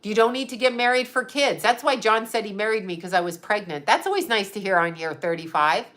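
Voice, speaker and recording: A woman in her fifties talks casually to her viewers with a bright, forward voice. She is blunt and sarcastic, swears freely and laughs often between remarks. Her pitch sits at a middling height for a woman. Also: brisk. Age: 50s. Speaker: psychic medium and livestream host. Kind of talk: casual livestream chat answering viewers.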